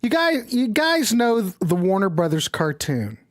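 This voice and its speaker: A man hosting a casual livestream chat over a video call, excitable and teasing, swearing freely as he jokes with his guests. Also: sits high, unhurried. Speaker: show host.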